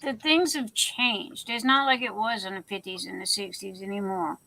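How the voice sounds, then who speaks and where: A woman's voice: medium pitch, steady tone, normal speed, creaky, pushed and bright, low-quality recording. A woman hosting a casual livestream chat, talking in a folksy, teasing, bossy tough-love way. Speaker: livestream host.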